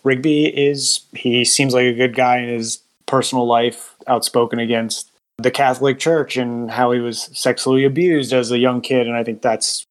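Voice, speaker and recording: Male co-host, mid-pitched, earnest and measured in casual talk. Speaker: podcast co-host. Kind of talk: casual podcast chat.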